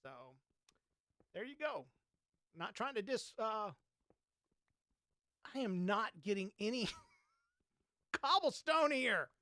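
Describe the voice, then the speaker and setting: A man's voice: sits high, sing-song, takes it slowly, pauses often, sharp tone, no echo, clean studio sound. A man with a Southern Georgia accent, a podcast host giving casual gameplay commentary and telling a story, folksy and chatty with mild oaths. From Georgia, USA.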